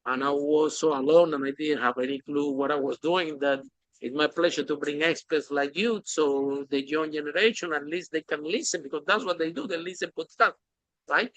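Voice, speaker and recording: A man hosting a podcast interview, talking in an animated, emphatic way with phrasing. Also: on the high side, normal speed, no room sound, rough recording. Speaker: podcast host. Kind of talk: casual interview chat.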